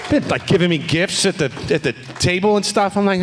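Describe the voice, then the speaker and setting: A man's voice: high voice, fairly quick, a bit bright, a little hiss or hum. A man, a voice actor talking casually on a convention panel, joking and slipping into voices. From New Jersey. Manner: jokey, slips into character voices. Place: convention stage.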